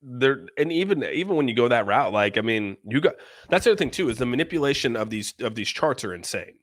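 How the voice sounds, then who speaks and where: A man's voice: medium pitch, animated, quick pace, no echo, studio quality. A man in casual podcast chat, blunt and profane, rambling with lots of restarts.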